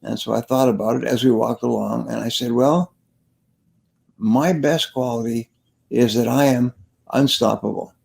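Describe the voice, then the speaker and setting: A man's voice: medium pitch, fairly even intonation, moderate pace, vocal fry, darkish tone. An older man, a sales trainer being interviewed, telling stories and giving advice in an earnest way, repeating key phrases for emphasis. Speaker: sales trainer and guest speaker.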